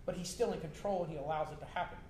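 High-voiced pastor preaching in an echoey hall. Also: male voice, very fast, a little mellow. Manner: conversational, repeats himself, asks the congregation questions. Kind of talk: sermon. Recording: echoey room with faint noise.

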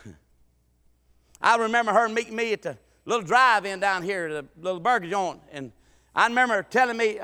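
A man's voice: high-pitched, pushed and bright, in a large hall. A man preaching a folksy sermon, telling family stories with emphatic, stammering restarts. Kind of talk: sermon with storytelling.

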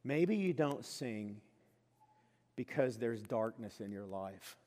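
A man preaching a sermon as pastor, earnest and conversational, dropping to soft asides and then rising to loud emphatic lines. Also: medium pitch. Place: church sanctuary. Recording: long reverb of a church hall.

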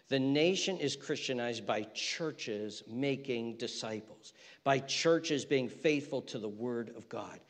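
Pastor guy preaching, fiery then hushed, keeps repeating himself, church echo. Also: medium pitch. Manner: impassioned, swings from loud peaks to hushed near-whispers; repeats phrases for emphasis. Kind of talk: sermon.

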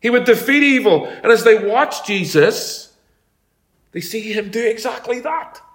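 A man's voice: extremely high pitch, animated, measured pace, a bit bright. A man preaching a sermon as pastor, talking in a conversational way and telling homely stories. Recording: echoey room.

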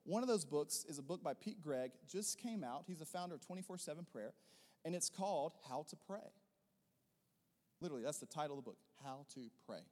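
A man preaching a sermon as a pastor, rising into loud emphatic bursts and then dropping into softer, quieter teaching. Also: on the high side, lively intonation, brisk, long reverb tail.

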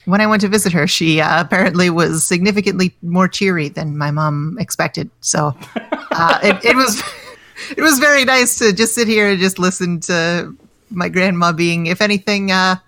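A woman's voice: fairly low pitch, normal speed, fairly bright tone, no room sound. An American woman in her thirties, a comedian chatting casually as a podcast guest, self-deprecating and full of restarts. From United States.

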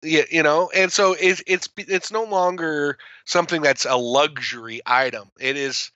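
A man's voice: fairly high pitch, normal speed, bright, forceful tone, dry recording, muffled recording. A man co-hosting a podcast, chatting casually about politics, rambling and repeating words. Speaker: podcast co-host.

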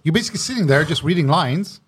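Fast, lively teasing man. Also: a little high, husky. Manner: teasing, rapid, says bro a lot. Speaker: podcast co-host. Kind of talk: casual chat.

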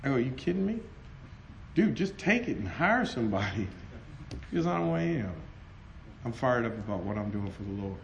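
A middle-aged man preaching a sermon, loud and animated, telling stories and laughing between them. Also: medium pitch, brisk, vocal fry, long pauses, a little hiss or hum. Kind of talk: lively storytelling sermon.

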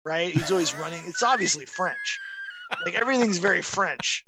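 A man's voice: high voice, moderate pace, over music, low-quality recording. A middle-aged man co-hosting a podcast in casual chat, telling stories and acting out quoted voices. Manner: animated storyteller, acts out quoted voices. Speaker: podcast co-host.

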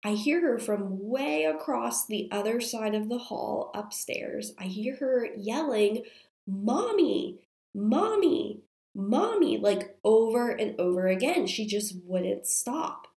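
A woman's voice: on the high side, unhurried, vocal fry, hardly any pauses, a little mellow. A young woman who is sick and has a strained voice, chatting casually to viewers as a mom and telling a story with many fillers. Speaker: mom vlogger. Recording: roomy echo.

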